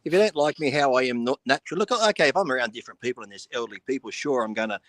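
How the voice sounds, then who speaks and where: A middle-aged man talks bluntly into a podcast mic, joking and cursing without holding back. His voice sits at a middle pitch, and the sound is dry and close, with no room in it. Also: animated, very fast, fairly bright tone, dry recording. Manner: blunt, joking, swears freely. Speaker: podcast co-host. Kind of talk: casual chat.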